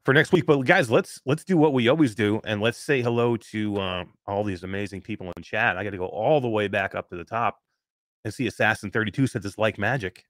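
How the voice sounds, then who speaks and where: A man's voice: fairly low pitch, a little fast, no room sound, clean studio sound. A man co-hosting a live stream about gaming, chatting casually, joking and reading out viewers' names. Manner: animated, joking, reads chat names aloud. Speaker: podcast co-host.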